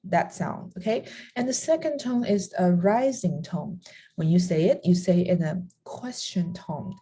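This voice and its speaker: Slow, mellow-voiced woman teaching Chinese tones. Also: on the low side, lively intonation, husky. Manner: demonstrates tones by voicing sounds, with laughs. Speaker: language teacher. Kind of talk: beginner language lesson.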